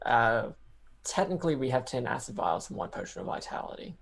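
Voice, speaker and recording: Super low husky gravelly woman at a tabletop game, hesitant. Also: very animated, fairly quick. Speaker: player. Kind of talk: casual tabletop game play.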